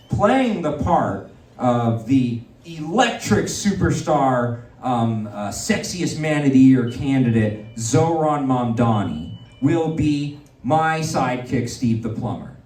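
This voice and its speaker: A man hosting a live stand-up comedy show, talking in a rambling, excitable way with many fillers. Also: medium pitch, takes it slowly. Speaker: comedy host. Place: comedy venue stage. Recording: roomy venue sound from far off.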